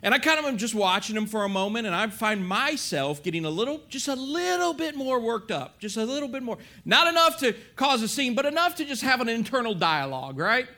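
A man preaching in an animated, confessional storytelling way, often checking in with his listeners. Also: extremely high pitch, brisk, few pauses. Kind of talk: storytelling sermon.

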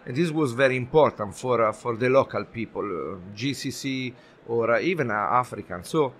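A man with an Italian accent, a guest on a podcast recorded live at an expo, speaking haltingly with many fillers and restarts. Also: mid-range voice, slight background noise. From Italy. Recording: faint ambience at a live expo.

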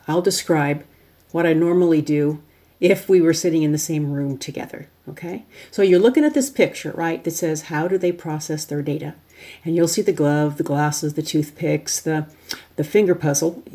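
Low, warm-voiced woman presenter. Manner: chatty, walks listeners through an exercise step by step. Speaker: workshop presenter for teachers. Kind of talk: instructional talk.

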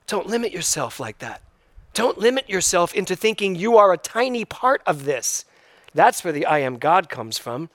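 A male minister gives a reflective, unhurried sermon in a fairly high, fairly bright voice with a sing-song lilt. He keeps returning to key phrases for emphasis, and the recording is dry and close with no room echo.

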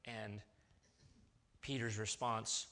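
Guy preaching a sermon, bright forceful voice, chatty, keeps asking the crowd right?. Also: lowish voice, extremely slow. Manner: lively conversational preaching, checks in with listeners. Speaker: pastor.

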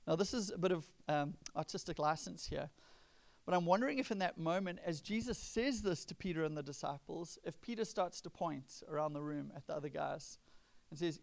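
Gravelly-voiced man preaching conversationally. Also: on the high side, animated, brisk. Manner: conversational preaching, acts out quoted lines with rising emphasis. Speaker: pastor. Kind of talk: sermon.

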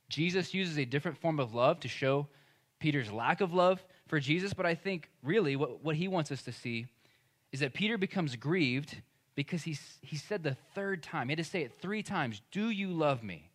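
A male pastor speaks in a fairly high voice. He preaches in a loose, conversational way and hits his points with emphasis. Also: animated, normal speed, fairly bright tone. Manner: conversational and emphatic, acting out quoted speech. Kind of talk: sermon.

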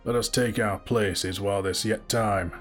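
A man voicing a male warrior leader who shouts commands to his troops in a put-on accent, in an audiobook reading. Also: fairly low pitch, steady tone, unhurried, faint music behind, close to an everyday voice. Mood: commanding. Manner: loud commanding calls, accent attempt.

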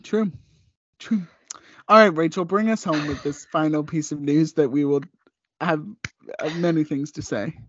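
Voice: mid-range voice, normal speed, long pauses, fairly bright tone, no echo. Casting: upbeat podcast co-host, news roundup with fillers, dry dull lo-fi audio. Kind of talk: casual chat.

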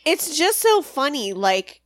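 A woman's voice: high voice, very animated, slow pace. A woman co-hosting a casual podcast chat about a sitcom episode, chatty and thinking aloud as she talks. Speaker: podcast co-host.

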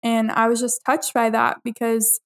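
A woman's voice: on the high side, completely flat delivery, normal speed, vocal fry. A young woman in casual podcast chat, easygoing and full of fillers.

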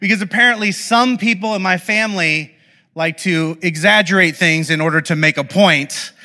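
Male pastor, casual storytelling sermon with lots of fillers, high voice, echoey hall. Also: normal speed, bright, forceful tone. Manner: conversational storytelling with frequent fillers.

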